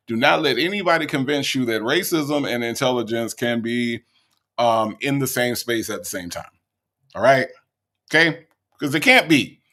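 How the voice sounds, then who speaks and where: A man's voice: mid-range voice, a bit bright. A man hosting a reaction commentary show, talking emphatically and tagging "okay? all right?" onto his points. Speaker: commentary host.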